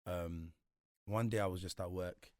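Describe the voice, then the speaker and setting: A man's voice: low-pitched, measured pace, no room sound, studio quality. A young man with a London accent, telling stories from his life in a casual interview, full of street slang and acted-out quotes. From Congo. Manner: London slang, animated retelling with voiced quotes. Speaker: guest.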